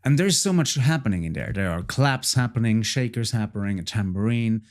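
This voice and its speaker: Over some background noise, a man with a lowish, expressive voice talks briskly as he gives a casual tutorial walkthrough of his own song as its producer. He's conversational, says things more than once, and uses lots of filler words.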